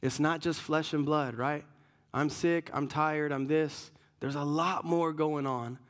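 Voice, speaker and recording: Preaching with earnest emphasis, a male pastor with a slightly high voice frequently restarts his sentences and repeats words.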